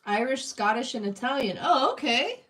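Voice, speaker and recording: A woman's voice: high-pitched, lively intonation, moderate pace, a bit bright, faint music behind. A young woman chatting casually with her live-stream chat while she draws, greeting viewers and reading their comments. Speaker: streamer drawing requests.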